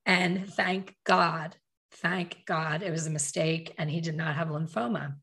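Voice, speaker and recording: A middle-aged woman telling a personal story in a candid, emotional way, with quick asides and self-corrections. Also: low-pitched, steady tone, vocal fry, a bit bright. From Philadelphia.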